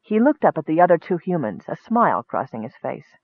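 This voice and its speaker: Male audiobook narrator, measured storytelling, slightly high voice, phone-like sound. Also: sing-song, husky, no echo. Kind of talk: scripted fantasy narration. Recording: dry tinny phone-like audio.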